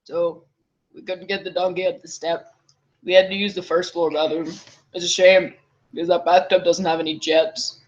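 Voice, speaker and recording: A woman's voice: on the low side, little pitch movement, moderate pace. A woman co-hosting a comedic fanfiction reading, reading aloud in a giggly, playful way. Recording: dull lo-fi recording.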